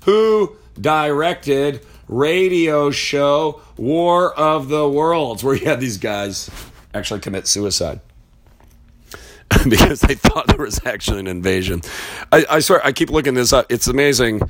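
A man's voice: mid-range voice, lively intonation, unhurried, a little hiss or hum. Heated, foul-mouthed man ranting. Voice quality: blunt and heated, swears freely. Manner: rambling aside while searching online. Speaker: political commentator. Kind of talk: profane political rant.

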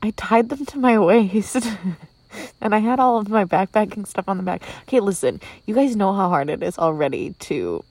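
A woman's voice: mid-range voice, lively intonation, moderate pace, darkish tone, dry recording. A young woman from Minnesota telling a casual, giggly vlog story, with lots of "like" and "um" fillers. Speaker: vlogger. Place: inside a tent outdoors at night. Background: crickets.

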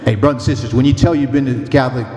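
A man's voice: mid-range voice, steady tone, racing, a little mellow, echoey room, in a large hall. A man who is a priest, delivering a sermon with emphatic, humorous storytelling.

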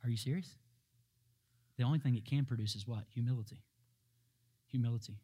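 A man preaching a sermon, emphatic and full of rhetorical questions, laughing at times and building up to shouted peaks. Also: medium pitch, brisk.

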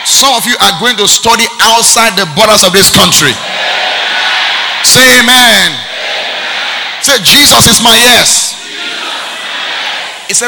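A male pastor from Nigeria, preaching a sermon with shouted, sing-song call-and-response. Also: high-pitched, creaky, big-room sound, noisy background.

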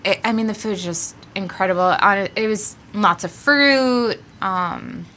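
A woman's voice: mid-range voice, unhurried, bright, forceful tone, a little hiss or hum. A woman who runs an aerial yoga studio, chatting upbeat as a podcast guest and laughing often. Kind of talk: casual podcast interview.

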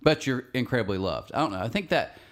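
Emphatic man with a lively voice. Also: fast. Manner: earnest, emphatic, jumps into big pitch swings. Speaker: podcast co-host. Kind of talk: casual chat.

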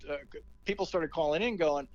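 A man's voice: on the high side, fairly quick, dry recording. Radio host guy spinning a story, does the voices when he quotes people, kinda dull dry sound. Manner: animated storyteller acting out quotes. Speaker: talk radio host and author. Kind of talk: casual storytelling interview.

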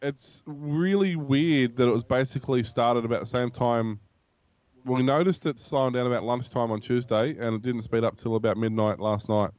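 A man's voice: medium pitch, moderate pace, darkish tone, no echo. Male co-host, easygoing explainer, dry lo-fi mic. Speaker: podcast co-host. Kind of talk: casual chat.

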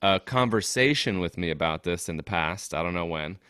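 A man's voice: sits low, moderate pace, smooth, dry recording, studio quality. A young man casually telling a story on a podcast, laughing often and acting out what others said. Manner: animated storytelling, laughs often, quotes people. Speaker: podcast co-host.

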